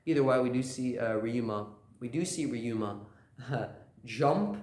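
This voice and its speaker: A man's voice: medium pitch, a little slow, a little mellow. A man casually recapping a comic chapter, loose and rambling with lots of filler words. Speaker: channel host. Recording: roomy echo.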